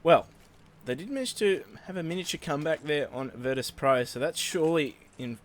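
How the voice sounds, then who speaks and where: A man giving relaxed play-by-play commentary on an esports match. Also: a little high, a little fast. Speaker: esports caster.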